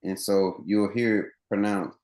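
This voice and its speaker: A man's voice: on the low side, steady tone, measured pace, darkish tone, roomy sound. A man running coach, interviewed as a guest on a podcast, explaining things earnestly at length with many restarts.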